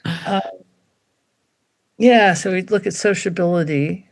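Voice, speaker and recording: A woman guest, a dog breeder and behavior expert, talking in a lively storytelling way and acting out quoted dialogue on a podcast. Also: fairly low pitch, slow, vocal fry. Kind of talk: podcast interview.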